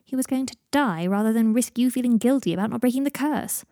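A woman narrator voicing a sharp-tongued, bossy young woman who teases bluntly in an audiobook reading. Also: fairly high pitch, fast, dry recording, clean studio sound, voice pushed up, close to an everyday voice. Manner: tart and teasing.

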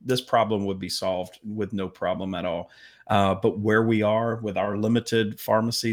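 A man telling a story as a guest in an interview, earnest and halting with fillers. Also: lowish voice. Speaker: medical missions guest.

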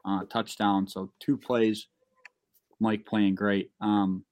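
A young man telling a long, profane, excitable story in a casual podcast chat. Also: on the low side, slow pace. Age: young adult.

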